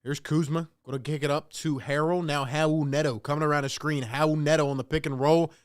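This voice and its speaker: Exasperated fan calling a game live. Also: male voice, a little high, fairly even intonation, brisk, few pauses, clear, resonant tone. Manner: exasperated, venting at referees and talking to the chat. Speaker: host of a live play-by-play reaction stream. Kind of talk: casual live play-by-play commentary.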